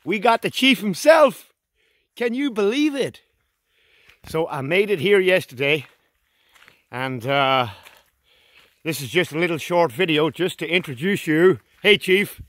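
A man's voice: a little high, expressive, measured pace, pauses often, fairly bright tone, dry recording, clean studio sound. An Irish man chatting in a casual, joking way while walking through a forest for his vlog. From Ireland. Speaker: vlogger. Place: outdoors in a forest.

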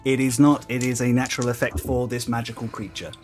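A woman narrating as game master of a tabletop game, relaxed and often laughing. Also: rumbling low, fast talker, soft background music.

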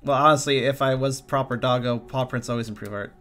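A man's voice: mid-range voice, fairly even intonation, fast talker, a bit bright. A man streaming a game, chatting casually, joking and swearing freely, often trailing off into mumbles. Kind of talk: casual let's-play chat.

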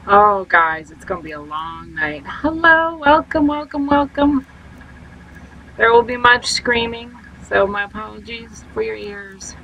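A woman's voice: mid-range voice, moderate pace, vocal fry, hardly any pauses, bright, forceful tone, highs cut off, slight background noise. A woman streaming a game live and chatting to her viewers, self-mocking and full of exclamations. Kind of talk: live gameplay commentary.

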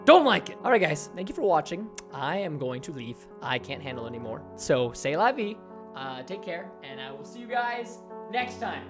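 A young man doing horror game commentary, excitable and panicky, often yelping and shouting and taunting the game. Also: fairly high pitch, moderate pace, music in the background. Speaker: gaming YouTuber.

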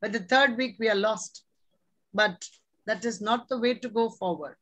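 A woman's voice: fairly high pitch, normal speed, fairly bright tone, poor audio. A middle-aged woman preaching a sermon, earnest and exhorting, with many rhetorical questions. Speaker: preacher, religious sister.

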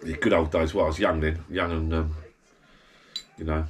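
A man with an extremely low voice tells pub stories to camera at a moderate pace and level tone, sitting in his backyard garden bar. The vlog is a meandering, chatty monologue full of blokey self-corrections.

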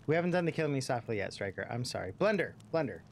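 A man's voice: mid-range voice, big pitch swings, fast, creaky, slight background noise. A man casually commenting on his game stream, swearing freely and rambling between jokes. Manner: profane, rambling, jokey; puts on character voices. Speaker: let's play streamer.

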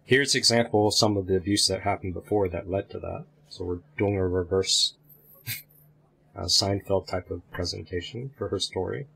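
A man hosting a discussion group, giving slow, wry commentary between excerpts. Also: low voice, steady tone, creaky, fairly bright tone, slightly rough.

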